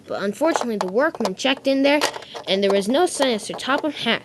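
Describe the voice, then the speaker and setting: A woman's voice: on the high side, lively intonation, fast talker, noisy background. A woman narrating an improvised toy-train story, restarting words as she goes.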